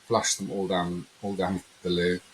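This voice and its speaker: This podcast guest speaks in an unhurried, low-pitched voice, captured in a rough recording with slight background noise. He's animated and rambling as he tells a personal story in a conversational interview, acting out the quotes.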